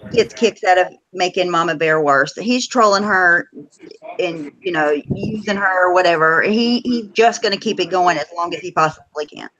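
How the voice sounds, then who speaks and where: A woman's voice: on the low side, normal speed, a bit bright, lo-fi sound. A woman chatting on a live stream, talking in a loose way full of fillers and restarts. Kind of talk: casual chat.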